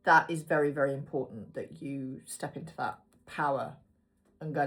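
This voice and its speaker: Woman, low voice, casual tarot reader, chatty and wandering. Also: fairly even intonation, normal speed, background noise. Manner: chatty, rambling asides, talks to herself while picking cards. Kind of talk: casual tarot reading to viewers.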